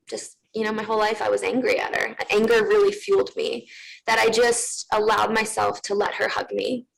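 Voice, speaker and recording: Gravelly young woman telling her story. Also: mid-range voice, rough recording. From Russia. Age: young adult. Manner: candid, heartfelt, filler-heavy. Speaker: interview guest. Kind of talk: emotional personal storytelling.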